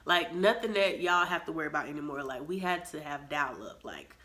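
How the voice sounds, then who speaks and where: A young woman telling a story from her teen years to the camera, with a slightly low voice. She talks with a dramatic, animated flair, acting out lines and adding sound effects as she goes. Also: a little fast. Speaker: vlogger. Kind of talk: storytime vlog.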